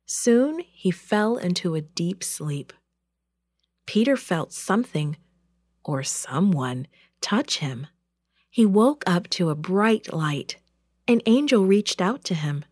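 A woman narrating a children's Bible story in a slow, expressive way. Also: lowish voice, no echo, clean studio sound.

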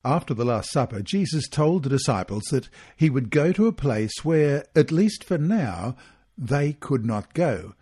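A man reading a weekly Bible study guide aloud, measured and earnest, reading the scripture passages in full. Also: medium pitch, big pitch swings, warm tone, husky.

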